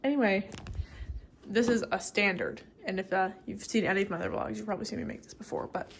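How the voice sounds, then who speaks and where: A woman's voice: mid-range voice, fast talker, gravelly. Chatty young woman rambling in a noisy kitchen. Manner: chatty, rambling, self-mocking. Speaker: vlogger. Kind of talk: casual chat. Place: home kitchen while cooking.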